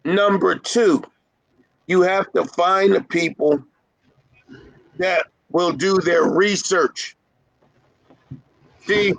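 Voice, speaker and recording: A man's voice: high-pitched, dry recording, muffled recording. A man coaching carpet cleaners in an informal, emphatic talk, fired up, repeating his points and teasing his listeners. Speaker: carpet cleaning business consultant. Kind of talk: informal motivational business talk.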